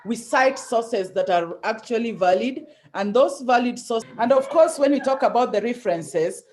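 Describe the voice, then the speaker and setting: Debate judge, middle pitch, halting delivery with fillers, on a video call. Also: animated, a little mellow. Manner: halting, with many pauses and fillers.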